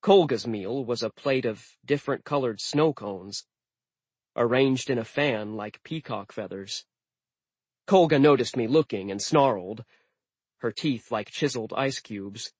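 Husky, slow male audiobook narrator. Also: mid-range voice, darkish tone, dry recording. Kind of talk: first-person audiobook narration.

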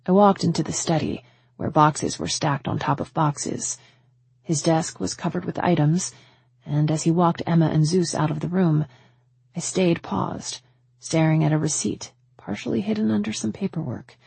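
A woman's voice: sits low, fairly even intonation, normal speed, gravelly, a little mellow, husky, no room sound. A woman narrating a first-person romance audiobook in an intimate, emotional storytelling manner.

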